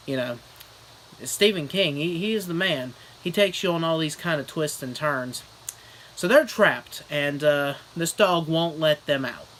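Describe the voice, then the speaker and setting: A man's voice: on the high side, a little hiss or hum. A young man doing a comedic fake book review, rambling through an absurd plot with lots of fillers. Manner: rambling deadpan storytelling with fillers.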